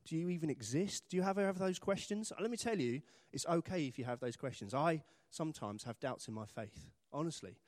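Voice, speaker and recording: A British man delivers a chatty, humorous sermon in church. His voice sits a little high and swings lively up and down as he plays out small scenes. The sound is dry and close. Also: brisk, few pauses, no echo. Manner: chatty, self-deprecating humor with acted-out voices. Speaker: preacher.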